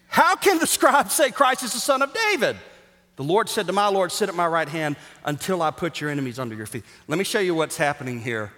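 A pastor preaching with a high, bright-edged male voice that swings between quiet asides and loud, emphatic peaks. He jokes with the congregation and slows right down on key phrases. The sound rings with the long reverb of a church sanctuary. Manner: energetic, jokey, rising to near-shouts for emphasis. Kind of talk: sermon. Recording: reverberant hall.

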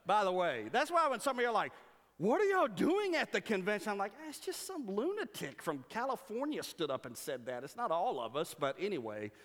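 Male pastor, animated sermon delivery with sarcastic asides, slightly high voice, long hall reverb. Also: fairly quick. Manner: animated storytelling with playful sarcasm.

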